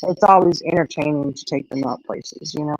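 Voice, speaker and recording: A middle-aged woman, chatting casually and telling a lively story, acting out the voices in it. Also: sits low, a little fast, no room sound, lo-fi sound. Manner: animated storyteller, acts out quotes. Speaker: host. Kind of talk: casual chat.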